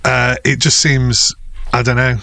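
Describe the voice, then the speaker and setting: Male podcast co-host, mid-pitched, deadpan and sweary, dry recording. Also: a little slow, vocal fry, no echo. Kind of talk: casual chat.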